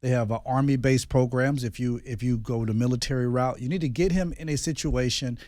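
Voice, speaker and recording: A man co-hosting a casual podcast, telling a family story in an animated way and often repeating his words as he thinks. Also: medium pitch, a little fast, no room sound. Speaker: podcast co-host and father.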